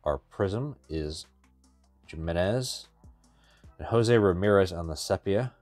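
A man's voice: low-pitched, lively intonation, slow, darkish tone, no echo, faint music behind. A man hosting a card-opening channel, giving wry, chatty running commentary as he opens packs. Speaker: card-breaking channel host. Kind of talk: casual pack-opening commentary.

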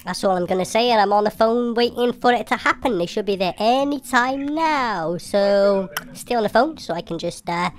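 A woman's voice: mid-range voice, normal speed, few pauses. A woman making a prank phone call, speaking in a brash, crude and taunting way. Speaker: prank caller.

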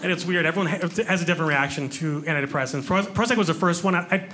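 A man's voice: on the high side, racing, bright, forceful tone. A man performing a stand-up comedy set on a club stage, chatty and self-mocking, talking with the crowd. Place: comedy club stage before a live audience. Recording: live club recording with audience noise.

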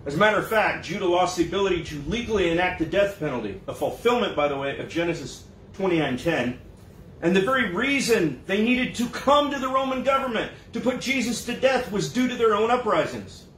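Echoey pastor preaching in a casual tone. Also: male voice, high-pitched, animated, brisk, a bit bright, slight background noise. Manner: conversational preaching, acts out quoted voices. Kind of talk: sermon. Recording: echoey room, mic at a distance.

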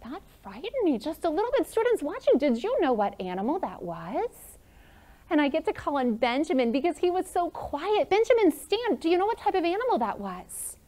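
A woman's voice: high-pitched, big pitch swings, moderate pace, warm tone. A woman teaching a first grade classroom lesson, upbeat and encouraging as she calls on pupils by name. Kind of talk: classroom lesson for students and viewers.

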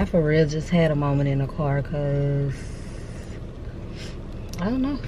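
Chatty lady vlogging to her viewers, lots of background noise. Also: fairly low pitch. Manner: chatty and excitable, talks straight to viewers. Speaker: beauty vlogger. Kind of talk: casual vlog chat to camera. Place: out and about in a mall and car.

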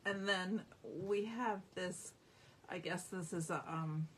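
Slow, giggly woman showing craft paper. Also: on the low side, fairly bright tone, slight background noise. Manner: giggly, amused, chatty. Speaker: craft demonstrator. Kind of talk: live-stream product showing.

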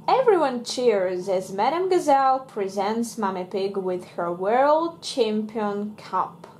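A woman whose first language is Russian, reading a picture book aloud to children in a slow, expressive way. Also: mid-range voice, slight background noise. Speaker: English teacher reading to children.

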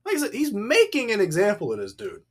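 A man co-hosting a casual Bible discussion podcast, emphatic and animated, acting out the dialogue as he talks. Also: high voice, fast, slightly rough. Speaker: podcast co-host.

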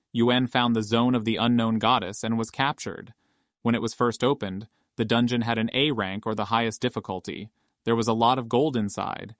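A man reading a scripted story recap in a steady, matter-of-fact way. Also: medium pitch, no echo, studio quality. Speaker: recap narrator.

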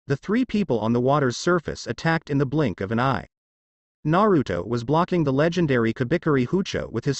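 Guy reading a fanfic story, lively pitch, dry close sound. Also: dry recording. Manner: steady storytelling read. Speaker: fanfiction narrator.

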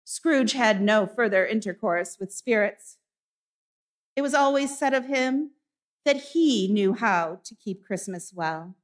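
Brief: woman pastor, deliberate dramatic reading, unhurried pace. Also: mid-range voice, expressive. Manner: slow, measured dramatic reading. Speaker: minister. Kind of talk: reading a lesson aloud in a church service. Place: church sanctuary.

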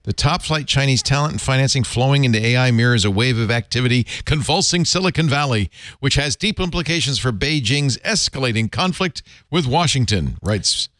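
Male host, animated and jokey, reads headlines aloud; very dry, close recording. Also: medium pitch, brisk, few pauses, no room sound. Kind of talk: casual panel chat, reading news aloud.

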